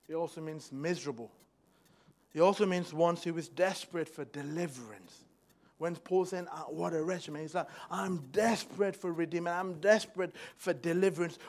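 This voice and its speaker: A young man preaching a sermon in a church, moving from hushed personal storytelling to loud, fervent exhortation. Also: fairly high pitch. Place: church hall.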